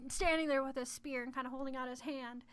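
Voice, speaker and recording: A woman's voice: sits high, steady tone, quick pace, smooth. A woman narrating a tabletop game as dungeon master, chatty and laughing, often correcting herself.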